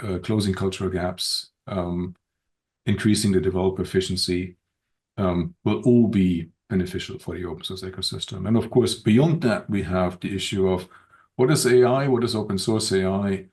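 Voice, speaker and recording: Low-voiced man, thoughtful podcast guest. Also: steady tone, darkish tone. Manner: thoughtful, measured, frequent ums and restarts. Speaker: podcast guest, open-source community director. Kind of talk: unscripted podcast conversation.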